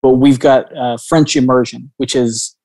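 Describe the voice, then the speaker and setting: A man's voice: mid-range voice, steady tone, a little slow, a little mellow. A young man from Canada, a comedian guest on a podcast, who speaks hesitantly and corrects himself as he goes. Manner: hesitant, self-correcting, laughs lightly. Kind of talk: casual podcast chat.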